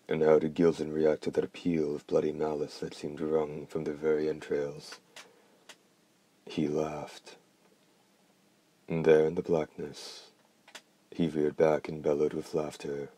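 A man narrating a dark fantasy novel in a measured, grave audiobook reading. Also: a bass voice, monotone, slightly rough.

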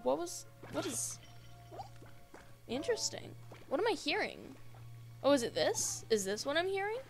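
High-voiced, gushing woman gamer. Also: moderate pace, gravelly, soft background music. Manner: gushing, easily excited, talks to creatures on screen. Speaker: gaming video host. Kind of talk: casual let's-play commentary.

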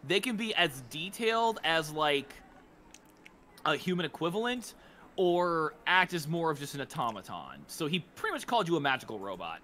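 A man runs a tabletop game session. His voice is bright and carries a lot of pitch movement as he narrates the scene, fumbling now and then for the right character voice. A faint hum sits behind him. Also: sing-song, moderate pace. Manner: casual, laughing, hunts for character voices. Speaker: game master.

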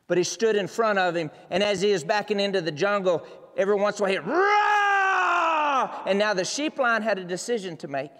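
A high-pitched man preaching a sermon, acting out a story and shouting roars as he builds up. His voice rings out with a long reverb, as if in a large church hall. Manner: dramatic storytelling, bursts into roars. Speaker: pastor.

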